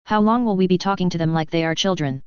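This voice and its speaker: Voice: mid-range voice, fast, darkish tone, smooth, dry recording, muffled recording, natural voice. A narrator voicing a proud, brutish female Krogan warrior who talks bluntly and formally. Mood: gruff.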